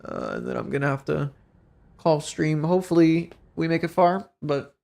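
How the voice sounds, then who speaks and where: A man's voice: a little high, steady tone, moderate pace, vocal fry, a little mellow. A young man streaming a video game, sounding exhausted and talking in a rambling, self-deprecating way. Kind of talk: casual gameplay commentary.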